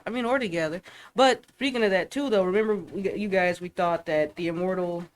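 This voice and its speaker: A woman's voice: on the low side, a little fast, a little hiss or hum. A young woman from Ohio with an Ohio accent, co-hosting a casual chat with chatty, giggly storytelling. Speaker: co-host. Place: library.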